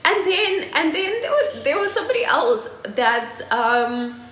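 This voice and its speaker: A woman from South Africa co-hosting a podcast in casual chat, animated and laughing often. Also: high voice, unhurried. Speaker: podcast co-host. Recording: roomy with faint noise.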